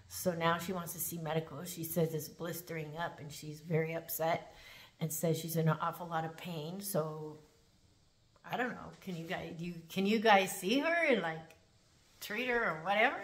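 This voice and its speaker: Bright-voiced woman telling a story. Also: low voice. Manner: chatty, animated, with fillers like "like" and "um". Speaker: corrections officer. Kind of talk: casual spoken storytelling.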